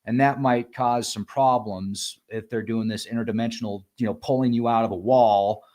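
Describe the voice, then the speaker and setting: A man speaking as a podcast guest, thoughtful at first and then vivid and excitable. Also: medium pitch, moderate pace. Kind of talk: casual conversation.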